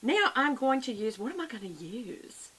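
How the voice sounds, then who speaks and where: An older Southern US woman, a beauty vlogger, chats through a makeup tutorial in a folksy, friendly way and calls her viewers "y'all." Her voice is on the high side, sing-song, a bit bright and husky, at a moderate pace. The audio is poor, with faint background hiss.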